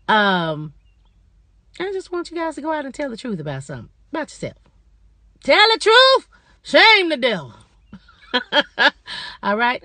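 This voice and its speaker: A woman's voice: lowish voice, dry recording. A middle-aged woman in a casual personal vlog, chatty and talking straight to her viewers as y'all. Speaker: vlogger.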